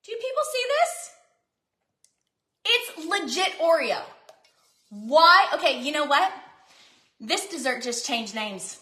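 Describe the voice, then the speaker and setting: Woman cooking-vlog host, high bright voice that swoops around, self-mocking, echoey kitchen. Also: big pitch swings, slow pace, long pauses. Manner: chatty, self-mocking, dramatic pleas for help. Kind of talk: casual kitchen chat to viewers. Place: home kitchen.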